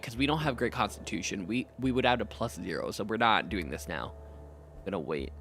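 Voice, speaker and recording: Game streamer, let's play commentary, self-mocking, lively voice, faint music. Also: mid-range voice, fairly quick. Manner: giggly, self-mocking, chatty.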